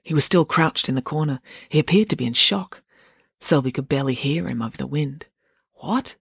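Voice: mid-range voice, a little fast, vocal fry, breathy edge, no echo, studio quality. Author reading aloud at home. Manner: expressive reading, chatty sign-off. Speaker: author reading own book. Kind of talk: audiobook-style reading. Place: home office. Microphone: home setup.

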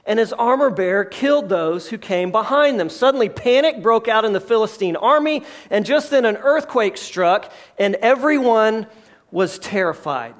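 A pastor preaching a sermon, telling a story with lively asides, jokes and acted-out quotes. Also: male voice, high-pitched, normal speed. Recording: live address to a congregation.

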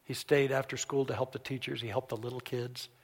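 A man giving a sermon, telling a story as he swings from loud, emphatic peaks down to soft, hushed lines. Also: mid-range voice, flat delivery, fairly quick, breathy edge. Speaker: pastor. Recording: long hall reverb.

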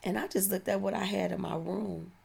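A woman's voice: mid-range voice, fairly even intonation, fairly quick, gravelly, a little mellow, breathy edge. A woman, giving a heartfelt, reflective personal testimony. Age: 40s.

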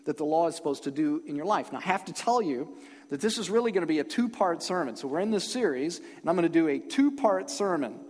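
A man's voice: a little high, expressive, fast talker, a little mellow, in a large hall. A man preaching a sermon as pastor, emphatic and pressing his listeners to take each point in. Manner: emphatic, calls on the congregation to respond.

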